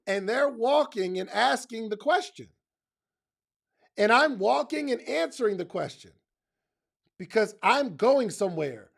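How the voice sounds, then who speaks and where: Emphatic high-pitched man with a gravelly voice. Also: animated, a little slow, pauses often. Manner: emphatic, repeats phrases for effect; casual slang, direct to listeners. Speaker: motivational speaker. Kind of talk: motivational talk.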